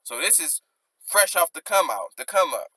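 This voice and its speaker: A man's voice: fairly high pitch, sing-song, normal speed, sharp tone, breathy edge, no room sound. A man casually breaking down rap lyrics, rereading lines and unpacking them in loose slang. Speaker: rap commentator.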